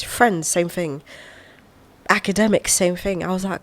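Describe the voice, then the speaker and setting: A young woman in her twenties, a podcast guest who talks in an expressive, animated way and laughs often while reflecting on her life. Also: fairly low pitch, measured pace. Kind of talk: reflective conversational storytelling.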